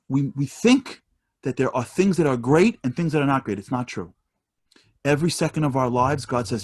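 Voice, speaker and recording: A man's voice: medium pitch, moderate pace, slightly rough. A man giving an emphatic motivational talk over a video call, repeating his points with energy. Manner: emphatic, repetitive, animated preacher-like delivery. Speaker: guest speaker.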